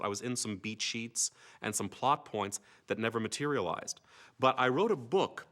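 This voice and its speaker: An older actor reminiscing casually about his years on a TV series, an animated storyteller who slips into comic voices. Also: medium pitch, normal speed.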